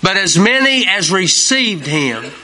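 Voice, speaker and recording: A man's voice: high-pitched, sing-song, slow, pushed and bright. A man hosting a Christian talk show, telling homespun stories in a folksy preaching manner and repeating his key lines for emphasis.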